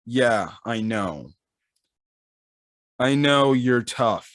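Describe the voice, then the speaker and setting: A man's voice: mid-range voice, animated, extremely slow, a bit bright, no room sound, studio quality, voice pushed down. Brief: man doing defiant young male manga fighter, stubborn, brash.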